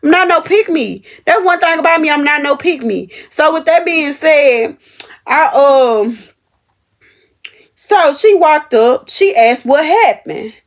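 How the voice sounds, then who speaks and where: Young woman, high voice, animated and emphatic, storytelling vlog straight to viewers. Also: slow pace. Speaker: store cashier telling a work story. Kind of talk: casual storytelling to camera.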